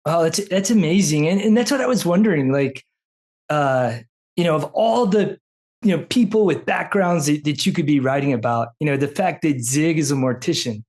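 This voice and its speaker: A man's voice: a little high, expressive, darkish tone. Male podcast host asking rambling questions. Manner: reacts briefly, asks questions haltingly with fillers. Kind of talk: interview conversation.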